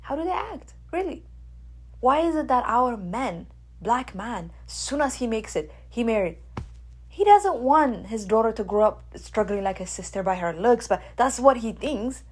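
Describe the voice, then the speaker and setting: A woman from Ethiopia, hosting a radio show in a blunt, animated monologue. She swears freely and keeps asking her listeners "right?". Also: fairly high pitch, normal speed, breathy edge. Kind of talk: casual opinion monologue.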